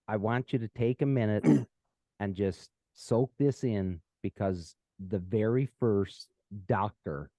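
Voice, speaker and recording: A man's voice: fairly low pitch, mellow, no echo. A man hosting a podcast, chatting casually with many fillers and restarts, from Canada. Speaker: podcast host. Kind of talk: casual chat.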